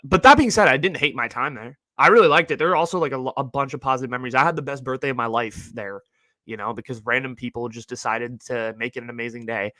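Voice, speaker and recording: A young man talks through his college stories with animated energy, saying "like" constantly. His voice is bright and forward. The sound is dry and close. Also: mid-range voice, quick pace, dry recording. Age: young adult. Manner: animated storytelling, heavy use of "like". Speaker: podcast host. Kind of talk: casual monologue.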